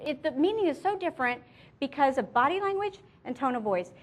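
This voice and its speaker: Middle-aged woman speaker, slightly high voice, animated storyteller, talks straight to the room. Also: normal speed. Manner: lively, storytelling, addresses the audience directly. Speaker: image consultant and speaker. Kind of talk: motivational presentation to an audience.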